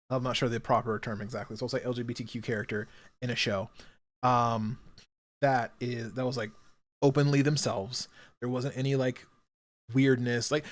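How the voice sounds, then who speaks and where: A young man chatting casually on a live stream, rambling with many fillers and restarts and bursting out loudly when excited. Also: mid-range voice.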